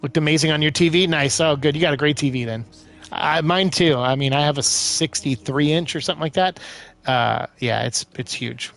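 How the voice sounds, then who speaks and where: A man with a slightly high voice chatting through a video game, breaking into loud excited bursts of exclaiming as the action heats up. Game music plays faintly behind his commentary. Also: normal speed, vocal fry. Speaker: gaming streamer. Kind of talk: casual let's-play commentary.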